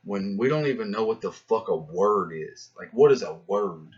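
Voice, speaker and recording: A rapper muses to the camera in a meandering, slang-heavy monologue about life and philosophy, swearing as he goes. His voice is lowish at a normal pace, he grows animated acting out his own inner voices, and the recording sounds dull and lo-fi.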